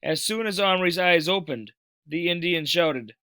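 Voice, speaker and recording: A man reading a children's novel aloud in a steady, plain manner with small stumbles. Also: a little high, a little slow, clean tone, no room sound. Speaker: reader. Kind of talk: storybook read-aloud.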